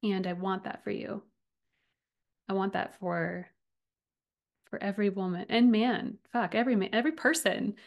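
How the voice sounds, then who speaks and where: A woman in her thirties hosting a podcast, talking earnestly and from the heart about relationships, often with a soft laugh. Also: medium pitch, fairly even intonation, normal speed, creaky, long pauses, dull audio. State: getting emotional. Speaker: podcast host and relationship coach. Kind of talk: personal podcast monologue.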